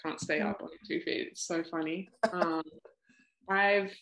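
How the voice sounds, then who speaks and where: A young Australian woman talks easily as a guest on a student podcast. Her voice sits on the lower side, and she laughs often while telling locker room stories. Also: fairly even intonation, a little slow, a bit bright, poor audio. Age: young adult. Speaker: guest, college basketball player. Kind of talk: casual podcast interview.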